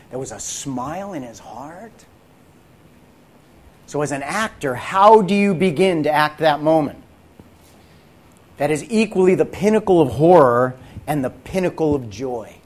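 A man, an actor, telling a dramatic faith testimony about a film role, often dropping into hushed whispers. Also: a little high, husky. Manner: intense, drops to hushed whispers at moments. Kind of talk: dramatic personal storytelling.

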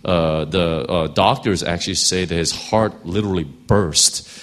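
A man with a very low, deep voice reads scripture aloud at a steady pace. When he moves on to preaching, he talks loosely, with fillers and restarts as he works his thoughts out. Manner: steady reading, then halting with many fillers. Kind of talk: scripture reading then sermon.

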